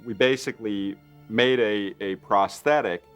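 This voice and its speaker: A man recounting effects work in an interview, animated and full of fillers, acting out what others said. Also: fairly low pitch, measured pace, smooth, soft background music. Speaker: makeup effects artist interviewee. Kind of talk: documentary interview anecdote.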